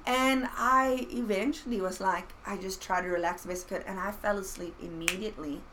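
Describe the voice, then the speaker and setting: A woman who has been a pastor, telling personal faith stories in an earnest, animated way with playful self-mockery. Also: medium pitch, a little fast, noisy background. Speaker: pastor and podcast guest. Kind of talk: casual faith conversation.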